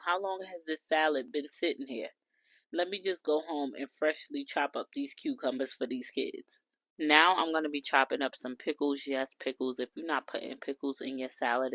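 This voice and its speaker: A New York City food vlogger in her 30s talks bluntly and directly to viewers in a casual cooking voice-over. Her low voice is a bit bright, recorded with no echo.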